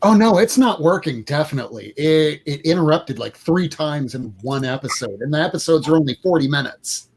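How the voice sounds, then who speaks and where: A man chats on a casual online panel over a video call. He talks in an animated, joking way, and his voice sits slightly high and swings widely. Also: a little fast, breathy edge. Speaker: panel guest.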